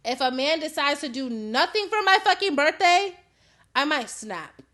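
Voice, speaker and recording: A woman's voice: high-pitched, expressive, normal speed, bright, forceful tone. A young woman hosts a casual call-in live stream in her own voice. She talks openly and swears freely, with frequent laughs between thoughts. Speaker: host.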